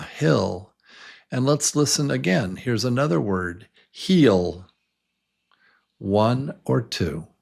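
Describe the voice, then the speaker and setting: Slow, patient man teaching English sounds. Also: medium pitch, creaky, darkish tone, slightly rough. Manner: slow, patient, encouraging drills. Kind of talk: beginner pronunciation lesson.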